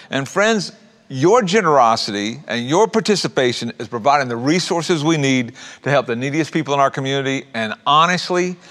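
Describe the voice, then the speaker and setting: Middle-aged male pastor, easygoing folksy delivery, voice a bit higher than usual, long room reverb. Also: a bit bright. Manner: folksy and conversational, says "man" and "uh" often. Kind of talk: sermon.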